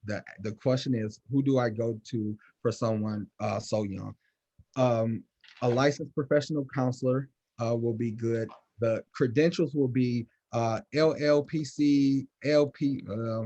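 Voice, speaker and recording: A man working as a counselor, answering questions in casual, animated talk with lots of fillers. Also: mid-range voice, measured pace, muffled recording. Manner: animated, conversational, many fillers.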